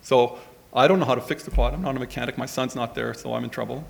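A man's voice: medium pitch, fast, vocal fry. A middle-aged man telling a rambling, conversational story as part of a sermon. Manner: rambling, conversational anecdote with many asides.

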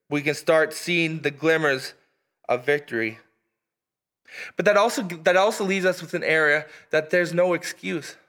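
A man preaching a sermon in an earnest, emphatic way, reading scripture aloud and pausing for weight. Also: a little high, fairly bright tone. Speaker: pastor.

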